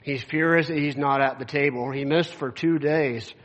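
A man's voice: a little high, fairly even intonation, normal speed, a bit bright. A man preaching a sermon, reading scripture aloud and explaining it in a casual, conversational way with lots of filler words. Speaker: pastor.

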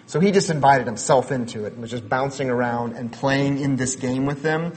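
A man's voice: mid-range voice, fairly quick, a little mellow, slightly rough. A man in his thirties giving a sermon as a pastor, conversational, mixing personal stories with building emphasis.

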